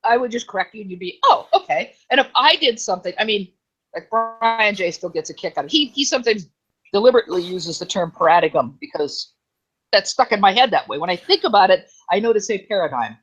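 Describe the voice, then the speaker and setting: A woman's voice: mid-range voice, expressive, a bit bright, slightly rough, faint music behind, low-quality recording. A woman co-hosting a casual online group chat, chatty and rambling. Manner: chatty, rambling, quick to laugh.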